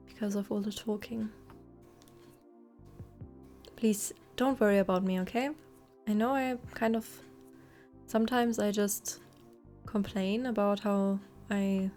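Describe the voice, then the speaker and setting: A young woman chatting casually and rambling while streaming a game. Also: medium pitch. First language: German. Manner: chatty, rambling, soft asides to chat. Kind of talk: casual gameplay commentary. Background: faint game music.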